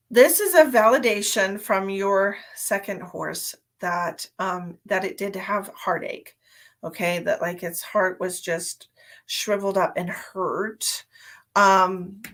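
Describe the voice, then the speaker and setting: A woman's voice: mid-range voice, takes it slowly. A woman psychic medium giving a live-streamed reading, chatty and sleepy, thinking aloud with many fillers. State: sleepy, yawning.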